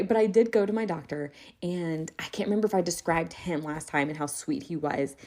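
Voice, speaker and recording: A young adult woman hosting a podcast, telling a story in a chatty, animated way and calling her listeners "y'all.". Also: fairly low pitch, brisk. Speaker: podcast host. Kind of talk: casual storytelling monologue.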